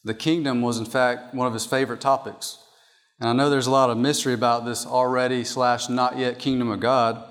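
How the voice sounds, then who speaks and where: A man's voice: medium pitch, little pitch movement, brisk, fairly bright tone. A man preaching a sermon from an outline, emphatic and repeating his key points. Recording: long hall reverb.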